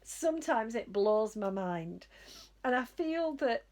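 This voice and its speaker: A woman psychic medium giving spiritual guidance in a gentle, reflective way, often laughing at herself. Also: on the high side, animated, takes it slowly.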